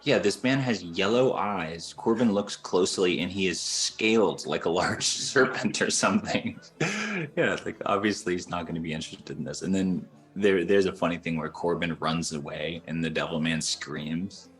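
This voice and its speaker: A man's voice: low-pitched, normal speed, fairly bright tone. A man co-hosting a book podcast in casual, laid-back chat, thinking aloud and chuckling often.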